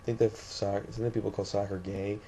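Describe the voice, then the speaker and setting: A man's voice: on the low side, little pitch movement, a little fast, warm tone, slight background noise. A young man from the St. Louis area, ranting indignantly in a vlog, rambling with many restarts. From St. Louis area, USA. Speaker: vlogger.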